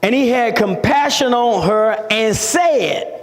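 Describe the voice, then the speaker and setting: High-voiced preacher man in a reverberant hall. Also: takes it slowly. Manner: dramatic preaching, big pitch swings, shouted peaks. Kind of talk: sermon. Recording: long reverb of a large hall.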